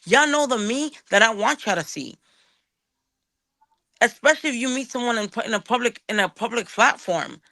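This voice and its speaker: A woman's voice: fairly high pitch, expressive, moderate pace, sharp tone, no echo. A woman ranting angrily as a guest on a show, swearing often and restarting her words as she gets worked up. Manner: angry, profane, repeats and restarts words. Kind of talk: heated ranting call-out.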